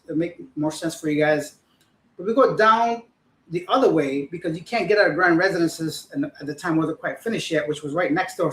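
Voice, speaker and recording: A man's voice: fairly high pitch, echoey room, rough recording. A young man casually telling a rambling, profane story to his livestream audience as host. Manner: rambling, profane, animated retelling.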